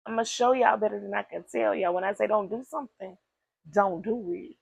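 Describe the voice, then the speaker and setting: A woman playing God as a fed-up parent, laying down the law in blunt, slangy warnings. The voice has a gravelly edge and sounds close and dry, with no room around it. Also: medium pitch, fairly quick, no echo, low-quality recording. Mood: stern warning. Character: stern, fed-up male God, scolding like a parent.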